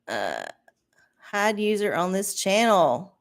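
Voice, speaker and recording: A woman's voice: on the low side, sing-song, takes it slowly. A woman hosting a casual livestream, ranting and swearing with a sarcastic edge. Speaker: livestream host.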